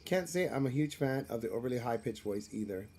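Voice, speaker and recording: A man's voice: mid-range voice, expressive, a little fast, dark tone, a little hiss or hum. A man streaming a role-playing game live, talking in a rambling, self-deprecating way with frequent restarts and filler words. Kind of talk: casual live gameplay commentary.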